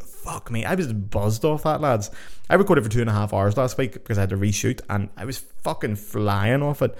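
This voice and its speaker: Irish guy rambling on his podcast, swears a lot, lowish voice. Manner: chatty, swears freely, rambling. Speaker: podcast host. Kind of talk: casual solo podcast chat.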